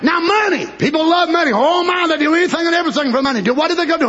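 High-voiced man preaching a fiery sermon. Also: quick pace, hardly any pauses, lo-fi sound. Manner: high, bright preaching voice, rising to shouted fervor; plays voices of people in the story.

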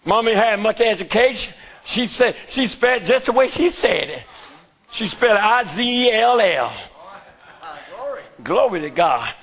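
A man preaching with a strikingly high voice that is gravelly and full of fry. His tone is bright and sharp. He shouts through much of the sermon and keeps calling to his congregation for a response. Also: lively intonation, measured pace, long pauses.

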